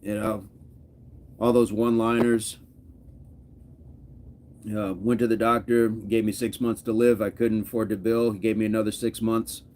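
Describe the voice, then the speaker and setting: A man's voice: lowish voice, level tone, moderate pace, pauses often, darkish tone, a little hiss or hum. A middle-aged man hosting a casual livestream, reading viewer comments in a jokey, easygoing way and chuckling between remarks. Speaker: livestream host.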